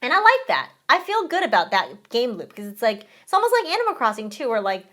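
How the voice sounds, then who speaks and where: Chatty woman with a lively voice. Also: a little high, fast. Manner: chatty, heavy use of "like". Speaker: podcast co-host. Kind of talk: casual chat.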